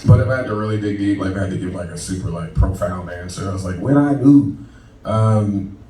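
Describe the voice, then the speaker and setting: A man's voice: low-pitched, fairly even intonation, fast talker, far from the mic. A man in his thirties from Florida doing a profane, conversational stand-up set as a comedian. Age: 30s. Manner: brash, profane, conversational punchlines. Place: comedy club stage with audience laughter. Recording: roomy club recording with loud crowd.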